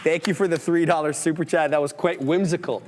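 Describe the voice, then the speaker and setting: A man's voice: on the high side, fairly even intonation, fairly quick, a little mellow. A man co-hosting a live trading stream, bantering and teasing in a playful way. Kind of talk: casual chat. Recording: long hall reverb.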